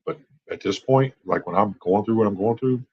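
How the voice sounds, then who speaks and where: A man's voice: lowish voice, fairly quick, breathy edge, lo-fi sound. A man in his forties hosting a late-night live stream, telling a personal story in a candid, rambling way that turns exasperated. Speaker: host.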